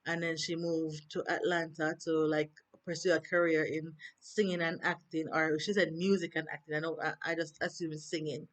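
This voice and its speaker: Lively Jamaican woman reviewing TV. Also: low-pitched, normal speed, few pauses. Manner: animated, rhetorical questions, swooping emphasis. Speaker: TV review vlogger. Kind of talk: casual chat. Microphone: handheld phone.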